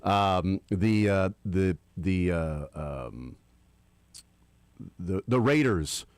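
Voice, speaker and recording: A man's voice: deep voice, expressive, extremely slow, no echo. A man hosting a sports talk radio show, asking long, rambling multi-part questions of a guest.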